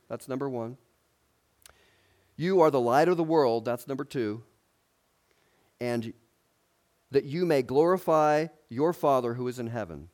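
A man's voice: medium pitch, darkish tone. A man preaching a sermon in a conversational way, asking his listeners questions and adding light humor.

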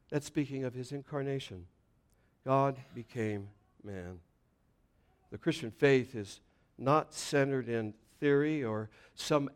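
During his sermon, a pastor reads from scripture and unpacks its meaning, swinging between loud, emphatic declarations and quiet, low-voiced passages.

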